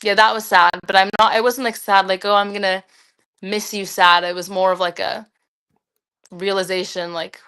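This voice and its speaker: Teenage girl, rambling casual chat, smooth clear voice, lots of fillers. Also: mid-range voice, level tone, normal speed, sharp tone. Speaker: daughter, podcast guest.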